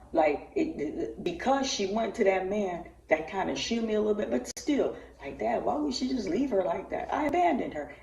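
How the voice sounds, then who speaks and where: An emotional woman pleading and halting as she comments on a livestream. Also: fairly low pitch, gravelly, a little mellow, far from the mic. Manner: impassioned, pleading, halting with repeats. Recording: echoey room, from the mic, faint noise.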